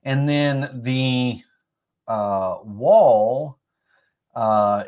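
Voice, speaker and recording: A man's voice: mid-range voice, drawn-out words, darkish tone. A middle-aged man with a slight cold hosting a live woodworking tutorial stream, rambling with many fillers and self-corrections. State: has a cold, occasional coughs.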